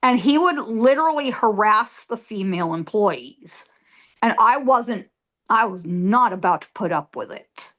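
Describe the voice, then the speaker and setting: A woman's voice: medium pitch, lively intonation, unhurried, fairly bright tone. A middle-aged woman, a psychic medium, telling a story as an interview guest in an emphatic way, repeating words for effect.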